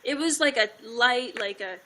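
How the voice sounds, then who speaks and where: A woman's voice: on the high side, lively intonation, moderate pace, crowd noise, poor audio. A young woman telling her side of a story in a casual livestream, rambling, swearing, and saying "like" constantly. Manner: rambling, heavy filler "like", swears freely.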